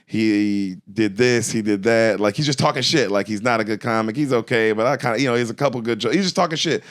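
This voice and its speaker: A man, a stand-up comedian, telling a story in casual chat, animated and swearing as he goes. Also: medium pitch, rapid-fire, no echo, studio quality. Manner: animated, swearing, excitable retelling.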